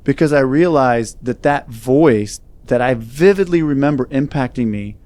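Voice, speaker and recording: A man's voice: mid-range voice, normal speed, darkish tone, no echo. A man speaking as a guest, telling a personal story in an earnest, reflective way. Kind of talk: storytelling in conversation.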